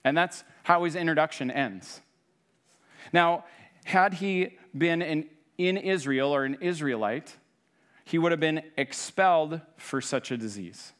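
A man's voice: a little high, fairly bright tone. A man preaching a sermon, retelling a story conversationally and acting out the quoted lines.

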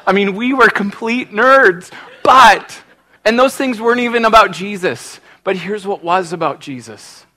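Bright, animated male pastor preaching. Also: sits high, unhurried. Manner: animated storytelling, emotional, earnest. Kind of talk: sermon with personal story and prayer.

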